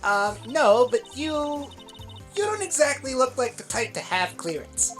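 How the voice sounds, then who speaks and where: A woman's voice: high-pitched, very animated, unhurried, soft background music. A woman reading a curious young assistant. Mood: earnest. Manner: earnest, questioning.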